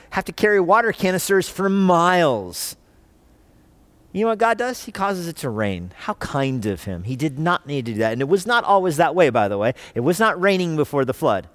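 Male pastor, sermon delivery, higher voice with a lively swing, dry close sound. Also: no room sound. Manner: animated, conversational preaching with rhetorical questions. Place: church.

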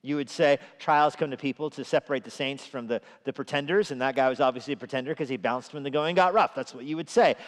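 Man preaching, mid-pitched voice, animated, swells loud on quotes, long church reverb. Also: fast talker, few pauses. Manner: animated, rising in pitch and volume when quoting scripture. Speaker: pastor. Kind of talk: sermon. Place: church sanctuary. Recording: echoey church hall reverb.

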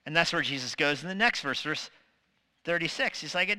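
Guy preaching a sermon, bright forceful voice, long church reverb, acts out little voices. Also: a little high, moderate pace. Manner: animated, acts out quoted voices. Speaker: pastor. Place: church sanctuary.

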